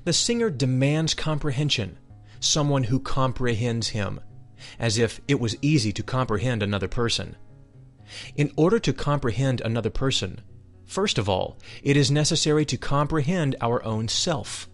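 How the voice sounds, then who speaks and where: A man giving a solemn, measured reading of a spiritual text, dwelling deliberately on each phrase. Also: medium pitch, lively intonation, faint music behind. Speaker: reader of spiritual teachings.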